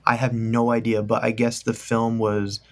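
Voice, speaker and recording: A man's voice: mid-range voice, monotone, moderate pace. A young man co-hosting a podcast, talking casually in a joking, rambling, enthusiastic way. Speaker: podcast co-host. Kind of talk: casual chat.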